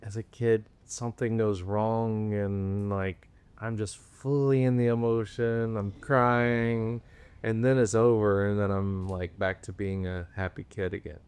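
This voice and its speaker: A man's voice: lowish voice, level tone, measured pace, darkish tone, clean tone. A man hosting a podcast, speaking thoughtfully in a reflective conversation. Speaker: podcast host.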